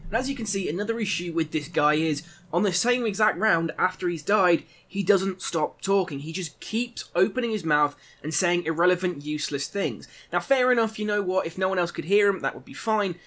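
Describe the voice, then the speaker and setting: Irish YouTuber, fairly high voice, ranting commentary over game clips. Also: male voice, fairly quick, hardly any pauses, fairly bright tone. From Ireland. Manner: indignant, ranting. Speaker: gaming YouTuber. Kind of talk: commentary over gameplay footage.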